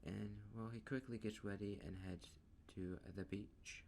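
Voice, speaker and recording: Slow, gravelly man narrating a fan story. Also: lowish voice, steady tone, darkish tone, a little hiss or hum. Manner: rambling, casual, drawn out.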